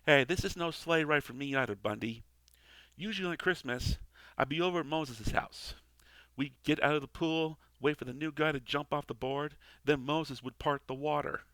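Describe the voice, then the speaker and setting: A man reading a comic part, voicing a brash, sarcastic male guardian angel who breaks into high screams. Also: moderate pace, a bit bright, no echo.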